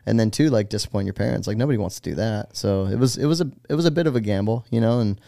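A man's voice: fairly low pitch, rapid-fire, gravelly, warm tone, no room sound, clean studio sound. A man in his forties from the United States, a guest on a casual interview podcast, telling stories in a rambling, laid-back way full of fillers. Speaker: guest, pro BMX rider.

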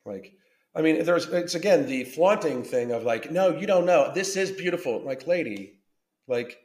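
Profane ranting man in a roomy echo. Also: medium pitch. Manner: profane, combative and blunt, heavy swearing. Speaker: podcast host. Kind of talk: ranting reaction commentary.

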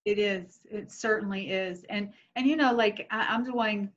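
A woman's voice: medium pitch, measured pace, fairly bright tone. A woman host sharing a story in a casual, open conversation. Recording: dull lo-fi sound.

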